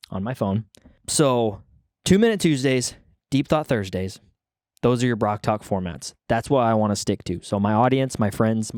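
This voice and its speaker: A young podcast host with a lowish, slightly mellow voice talks in a dry, clean studio recording. A little winded from the gym, he rambles through his casual solo show, jokes at his own expense, and restarts sentences midway.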